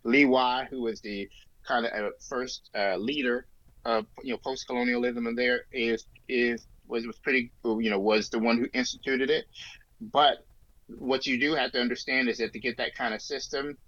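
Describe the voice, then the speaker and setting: A man's voice: medium pitch, fairly even intonation, normal speed, a bit bright, no room sound. A man co-hosting a podcast, talking through politics in a rambling, casual way with many fillers and restarts. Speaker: podcast co-host. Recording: dull lo-fi sound, dry.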